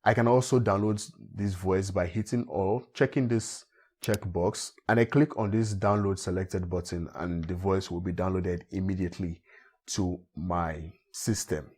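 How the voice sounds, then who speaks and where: A man from Africa walking viewers step by step through a software tutorial, often repeating himself. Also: low voice, a little slow, slightly rough. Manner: steady step-by-step walkthrough, repeats phrases. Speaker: tech tutorial host. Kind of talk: screen-recorded software tutorial.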